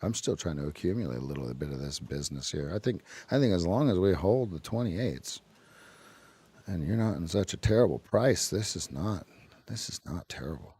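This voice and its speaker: A man hosting a live trading stream, giving joking, quick market commentary. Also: low-pitched, expressive, dark tone, husky.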